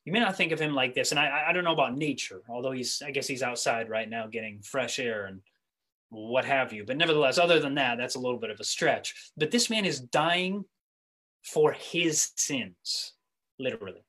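A man preaching a sermon in a conversational way, often restarting and repeating words, telling stories with animation. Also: mid-range voice. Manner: animated storytelling, speeding up and slowing for emphasis.

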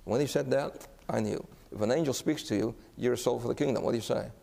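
A man with a medium-pitched, creaky, dark voice preaches quickly as a pastor, earnestly telling a story and putting questions to the congregation. It's sermon storytelling, recorded in an echoey hall.

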